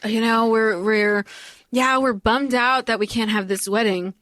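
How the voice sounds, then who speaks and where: A woman's voice: fairly high pitch, steady tone, a little slow, a bit bright, dry recording. Emphatic woman podcast co-host. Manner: emphatic, swears freely, thoughtful analysis. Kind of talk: casual movie rewatch chat.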